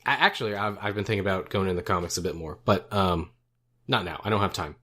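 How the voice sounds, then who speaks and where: A young man co-hosts a movie podcast, talking fast in a low, fairly bright voice. His casual review chat rambles, he corrects himself as he goes, and he chuckles at his own jokes.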